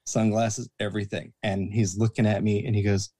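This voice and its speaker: His voice is husky, fairly low, and brisk. The man, a guest who used to assist a promoter, animatedly shares a casual backstage tale, performing the lines of everyone he quotes.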